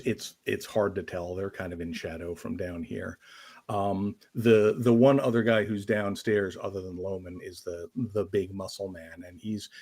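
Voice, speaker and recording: A man narrating as game master in a tabletop game, in a relaxed, descriptive way with small hesitations. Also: lowish voice.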